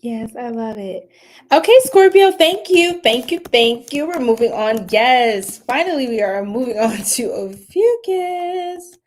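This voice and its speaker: A woman's voice: fairly high pitch, animated, a little slow. Chatty young woman reading tarot. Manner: chatty, laughs often, exclaims loudly. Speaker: tarot reader. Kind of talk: casual tarot reading livestream.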